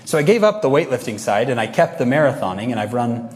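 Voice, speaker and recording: A man delivers a motivational talk, telling stories in an animated way and jumping into voices for the people he quotes. His voice sits in a middle register. The sound rings with the long reverb of a large hall. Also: medium pitch, quick pace. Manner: animated storytelling, acts out quotes. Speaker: speaker addressing youth. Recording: echoey hall.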